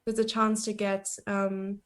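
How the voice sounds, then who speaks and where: A woman's voice: mid-range voice, little pitch movement. Upbeat woman, chatty guest. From South Africa. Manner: chatty, upbeat, quick to laugh. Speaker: guest, chess coach and streamer. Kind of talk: casual interview chat.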